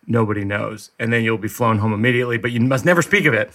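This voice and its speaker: A male podcast host in casual chat, spinning deadpan absurd bits. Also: medium pitch, very fast, slight background noise.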